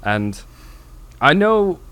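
A man putting on a callous, posh upper-class British gentleman in a deadpan monotone with a posh British accent. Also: a little high, extremely slow, clean tone, voice pushed up, full character voice.

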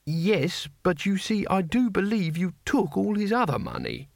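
A man's voice: high-pitched, sing-song, a little slow, creaky, no echo, studio quality, pitched above the performer's own voice, full character voice. A man voicing a fussy, polite middle-aged schoolteacher who speaks patiently to unruly pupils in an audiobook.

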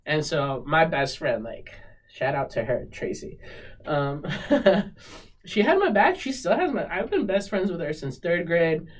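A woman's voice: low-pitched, very animated, a little slow, recorded from a distance. A woman in her twenties of Mexican heritage, a podcast guest telling a personal story in a candid, emotional way and often laughing between words. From Mexican heritage, United States. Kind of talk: personal storytelling in a casual interview.

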